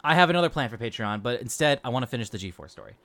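A man's voice: medium pitch, very animated, racing, bright, forceful tone, a little hiss or hum. A man co-hosting a casual podcast, talking loosely with many fillers. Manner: rambling, loose, with frequent fillers. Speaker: podcast co-host. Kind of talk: casual chat.

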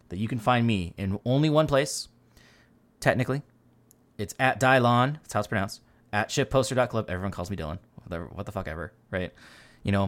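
A man hosting a podcast, talking in a rambling, casual way, with lots of fillers and offhand swearing. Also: lowish voice. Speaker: podcast host. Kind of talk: casual chat.

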